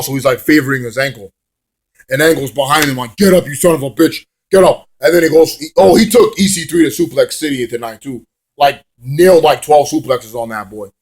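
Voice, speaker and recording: A man's voice: mid-range voice, slight background noise. A man casually reviewing a wrestling show in a rambling, swear-laced manner, drifting into hummed song bits.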